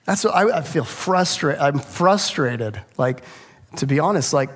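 A middle-aged male pastor delivers a sermon with a voice pitched a little above the usual. He tells stories in an animated way and keeps asking the listeners rhetorical questions. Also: unhurried.

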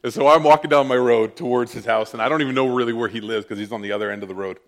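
A man preaching, telling a personal story with lively, self-mocking animation. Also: medium pitch, racing. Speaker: pastor. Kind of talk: sermon storytelling.

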